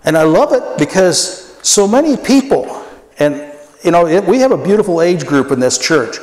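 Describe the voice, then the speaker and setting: A man in his sixties preaching a sermon as pastor, earnest and personal, often dropping his voice low for emphasis. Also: big pitch swings, moderate pace. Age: 60s. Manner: earnest, personal preaching with dramatic quiet drops. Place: church sanctuary. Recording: echoey church hall with long reverb.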